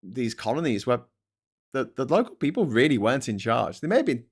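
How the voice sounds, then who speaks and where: A man with a Scouse accent hosting a political livestream, talking in an excitable, sweary, rambling way. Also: medium pitch, a little fast, breathy edge. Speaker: livestream host. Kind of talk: casual political livestream chat.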